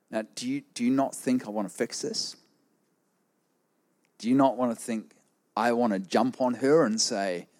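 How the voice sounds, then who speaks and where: A middle-aged man preaching a sermon, telling a personal story with lively acted-out voices. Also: mid-range voice, moderate pace. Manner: animated storytelling, acts out quoted voices.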